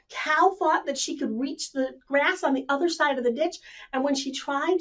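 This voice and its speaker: A woman librarian telling stories to children at home, animated and inviting them to join in. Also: high-pitched, moderate pace. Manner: animated, speaks to kids at home. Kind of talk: children's storytime reading.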